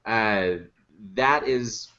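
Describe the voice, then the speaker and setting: A man's voice: medium pitch, very slow, muffled recording, a crowd in the background. A man who builds and performs puppets, telling stories in a casual podcast chat, with easy laughs and many fillers. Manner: laughs easily, chatty storytelling with many fillers.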